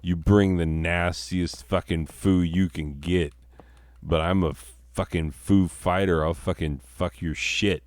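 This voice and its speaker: A man plays a boastful wandering fighter with a low voice. He swaggers and trash-talks in a slow, profane drawl. The sound is dry and close. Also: fairly even intonation, no room sound. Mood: cocky. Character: cocky boastful male martial arts drifter.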